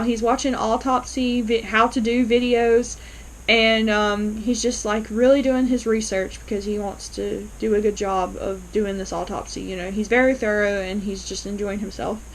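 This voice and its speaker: A woman talks through a TV episode in a relaxed, chatty way, slipping into the characters' lines as she goes. Her voice sits a bit high. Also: low-quality recording. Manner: animated, acts out characters' lines in quotes. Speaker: TV episode reviewer. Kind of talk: casual recap and reaction.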